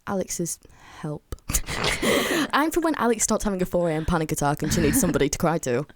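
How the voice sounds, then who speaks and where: A woman's voice: on the low side, very animated, a little fast, noisy background. A woman from a band chatting playfully on a podcast, laughing often. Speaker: band singer. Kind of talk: casual chat.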